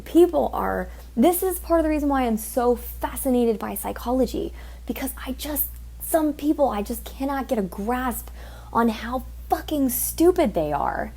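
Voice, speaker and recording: A woman's voice: high-pitched, lively intonation, moderate pace, vocal fry, dark tone, slightly rough. A woman hosting a podcast, telling a story in a blunt, heated, profane way and mimicking the people in it. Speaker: podcast host. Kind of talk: casual storytelling monologue.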